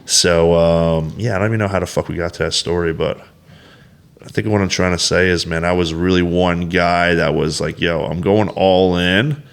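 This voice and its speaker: A man with a very low, deep voice, speaking as a guest in a casual interview. He tells his story bluntly and swears a lot, slipping into quoted lines of dialogue. His talk rambles, full of fillers like "you know" and "like.". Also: level tone, normal speed, gravelly, smooth. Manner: blunt and heavily profane, acts out quoted dialogue. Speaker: podcast guest, competitive bodybuilder.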